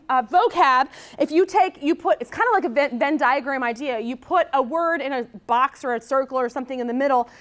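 A woman presenting a conference workshop to teachers in an energetic, chatty way, often checking in with "okay?". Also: high-pitched. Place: conference room.

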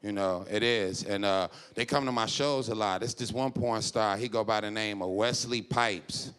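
A man's voice: fairly low pitch, normal speed, clean tone. A man doing a stand-up comedy set on a club stage, telling loose stories and slipping into quoted voices. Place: comedy club stage before a live audience. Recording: live club with loud audience and room noise.

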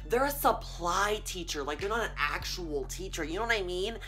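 A young man in his teens ranting to camera in a casual vlog, sassy and profane, swinging between loud outbursts and low mutters. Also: animated, normal speed, hardly any pauses, faint music behind, some chatter behind. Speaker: vlogger.

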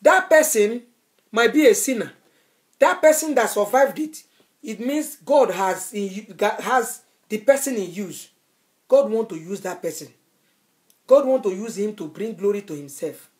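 A woman's voice: medium pitch, lively intonation, measured pace, darkish tone. A woman evangelist delivers a sermon with fervour. She repeats phrases again and again for emphasis, pressing her warnings on the listener. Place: Europe.

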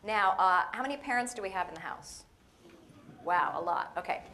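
A woman's voice: mid-range voice, normal speed, noisy background. A woman giving a playful, storytelling guest sermon to a church audience, acting out little voices and dialogue as she goes. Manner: animated, playful, acts out voices in stories. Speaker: guest speaker.

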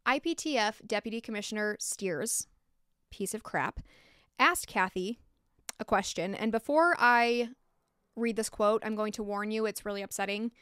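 Woman doing a true crime podcast, blunt, fired up, swears, smooth voice. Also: mid-range voice, normal speed, a bit bright, dry recording, clean studio sound. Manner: passionate, blunt, swears when angry. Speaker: podcast host.

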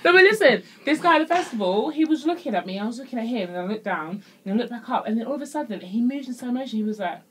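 A woman's voice: on the high side, racing, few pauses, noisy background. A woman hosting a casual podcast chat. She tells stories with lots of energy and laughs often. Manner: animated storyteller, laughs often. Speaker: podcast host. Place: recording studio.

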